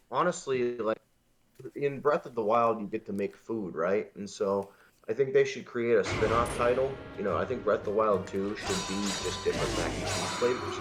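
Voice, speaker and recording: Joking man co-hosting over loud music. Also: fairly low pitch. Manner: rambling, jokey, restarts. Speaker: charity stream co-host. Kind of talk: casual joking stream chat.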